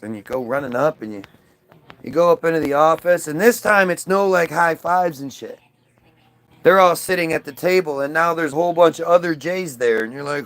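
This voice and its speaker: A man telling a swearing, animated story, acting out the lines of the people in it. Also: fairly high pitch, brisk. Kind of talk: profane anecdote with acted-out voices.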